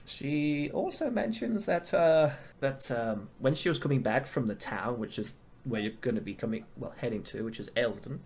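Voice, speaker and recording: A man's voice: medium pitch, lively intonation, moderate pace, darkish tone, slightly rough. A man narrating as game master in a casual, hesitant way with many fillers.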